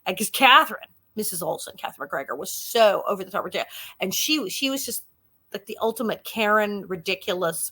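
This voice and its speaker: A woman in her sixties with a bright, forward voice spins lively stories as a podcast guest. She laughs often and keeps a relaxed, casual chat going. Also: mid-range voice, fairly quick. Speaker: guest actress. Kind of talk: casual interview storytelling.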